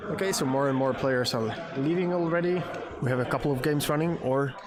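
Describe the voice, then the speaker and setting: Male co-host, mid-pitched, relaxed and chatty; audible crowd noise behind. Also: a little fast. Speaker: tournament co-commentator. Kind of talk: casual game commentary. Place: busy convention hall.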